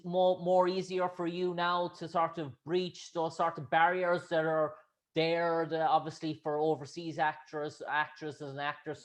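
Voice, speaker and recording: A man with an Irish accent, hosting an interview and asking long questions padded with "sort of" and "I suppose". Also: a little high. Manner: wordy, hedging with "sort of" and "I suppose". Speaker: interviewer, host.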